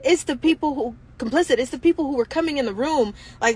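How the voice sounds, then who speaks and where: A woman's voice: sits high, fast talker, darkish tone. A woman hosting her own show, speaking in an impassioned monologue full of indignant rhetorical questions. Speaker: show host.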